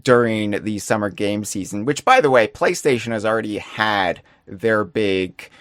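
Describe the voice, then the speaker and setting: A man co-hosting a casual live-streamed podcast, chatting playfully with quick asides and rambling tangents. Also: fairly low pitch, a bit bright, clear, resonant tone, dry recording, studio quality. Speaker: podcast co-host.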